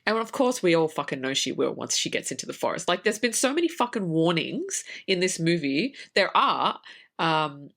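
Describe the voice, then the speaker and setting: An Australian woman co-hosting a podcast, reviewing a movie in casual chat, animated and swearing freely. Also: lowish voice, normal speed. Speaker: podcast co-host.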